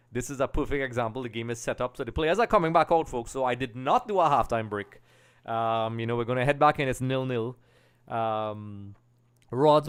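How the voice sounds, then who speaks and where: Trini guy hosting a live match stream, chatty, smooth clear voice, keeps greeting the chat. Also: mid-range voice. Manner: chatty, reads out viewer comments and greets them. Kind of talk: casual watch-along chat.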